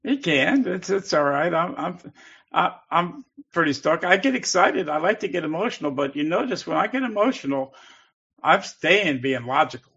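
A man's voice: fairly high pitch, lively intonation, moderate pace, vocal fry, sharp tone, husky. Emphatic man on a call-in show. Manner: emphatic, heated and repetitive. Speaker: co-host. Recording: dull lo-fi audio.

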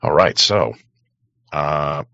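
Male host, very deep and gravelly, relaxed and folksy, bright edge, dry muffled audio. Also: extremely slow, no room sound. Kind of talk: casual chat.

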